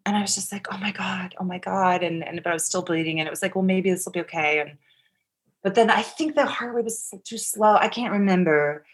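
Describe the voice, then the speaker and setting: A woman's voice: medium pitch, fast talker. A middle-aged woman telling a personal story as an interview guest, rambling with lots of "like" and frequent swearing. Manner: rambling, profane, heavy use of "like".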